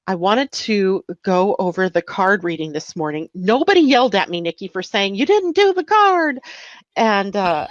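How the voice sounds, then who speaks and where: A woman hosts a casual live chat in an upbeat, easy way, often laughing. Her voice sits at a middling pitch. The sound is dry and a little dull. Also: no echo. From US West Coast. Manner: chatty, upbeat, laughs easily. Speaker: host.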